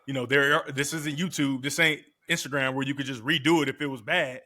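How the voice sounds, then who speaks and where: A man in his thirties, a podcast guest and former quarterback, telling stories in a casual, slangy, animated way. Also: medium pitch, brisk. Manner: animated, slangy storyteller who acts out quotes. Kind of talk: casual storytelling.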